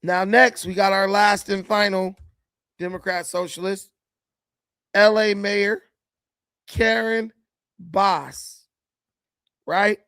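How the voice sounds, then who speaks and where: A man's voice: high-pitched, steady tone, slow, long pauses, bright, forceful tone, clear, resonant tone, no echo. A man hosting casual political commentary, mocking and laughing, with slangy speech and repeated words. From United States.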